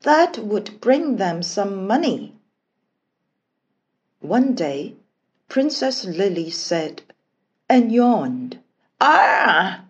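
Very slow, expressive woman storyteller. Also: medium pitch, highs cut off. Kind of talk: storybook narration.

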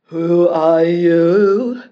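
A woman's voice: fairly low pitch, very slow, lo-fi sound. Woman doing a fierce roaring island monster. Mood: menacing.

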